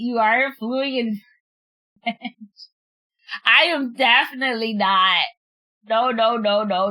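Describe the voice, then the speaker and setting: A woman's voice: fairly high pitch, bright, forceful tone. A woman streamer, chatting casually and laughing at herself while trying out French words. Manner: giggly, self-deprecating, drawls out French words. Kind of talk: casual chat while unboxing.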